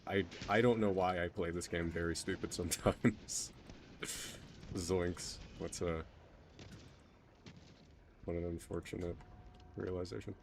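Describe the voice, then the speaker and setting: A man's voice: low voice, fairly even intonation, unhurried, vocal fry, pauses often, slight background noise. A man streaming a video game, rambling casually, mocking himself and trailing off mid-sentence. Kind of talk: casual gameplay commentary.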